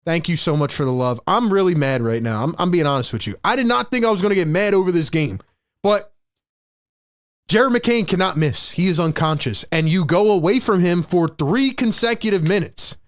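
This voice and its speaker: High-voiced fired-up young man calling a game. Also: moderate pace. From Philadelphia area. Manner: excitable, frustrated, swears, talks to chat. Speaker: fan stream host calling the game. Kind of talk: live fan play-by-play commentary.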